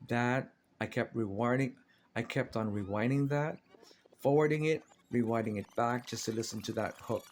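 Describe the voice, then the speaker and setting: A man's voice: lowish voice, creaky, darkish tone, slight background noise. A man telling a personal story in a casual, rambling, earnest way, often restarting his sentences.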